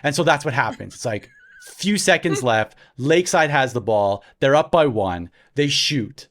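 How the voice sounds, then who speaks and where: A man, a podcast host telling a story in a lively way and laughing often as he goes. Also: mid-range voice, moderate pace. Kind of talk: casual storytelling.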